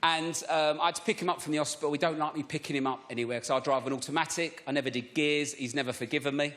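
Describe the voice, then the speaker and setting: A man's voice: a little high, steady tone, quick pace, a bit bright. A man doing a self-mocking stand-up routine, telling chatty stories on a large theatre stage. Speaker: stand-up comedian. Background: audience laughter.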